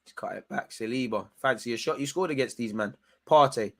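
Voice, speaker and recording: A young man doing live match reaction for his fans, loose and slangy. His voice sits at an ordinary middle pitch and keeps jumping up into shouts when he argues with the referee. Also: fairly quick, vocal fry. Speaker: football watchalong host.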